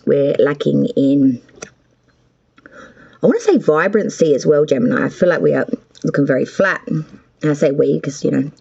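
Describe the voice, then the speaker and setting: Gravelly Australian woman reading tarot. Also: sits low, moderate pace, pauses often, mellow, muffled recording. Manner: chatty, rambling, swears freely. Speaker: tarot reader and channel host. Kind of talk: casual tarot reading vlog. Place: cold house with power out.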